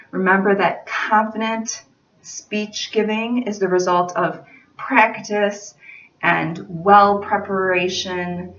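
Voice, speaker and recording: Teacher woman recorded from across a room. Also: mid-range voice. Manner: clear, deliberate, instructive. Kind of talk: classroom instruction to students. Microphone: phone camera at a distance. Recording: roomy, distant, dull phone-camera audio.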